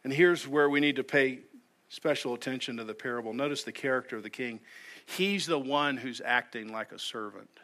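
Bright-voiced male pastor preaching. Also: medium pitch, a little fast. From United States. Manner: earnest, repeats words when starting sentences. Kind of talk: sermon.

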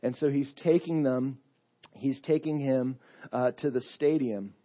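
A man's voice: medium pitch, fairly even intonation, a little slow, highs cut off. A male pastor giving a sermon in a church, telling a story in a conversational way with many fillers.

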